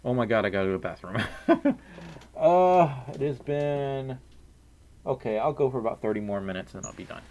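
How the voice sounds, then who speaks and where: A man's voice: mid-range voice, animated, moderate pace, a little mellow. A man answering viewer questions on a casual livestream, chatty, with stammering restarts and nervous laughs. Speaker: streamer. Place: at home, wearing a fursuit.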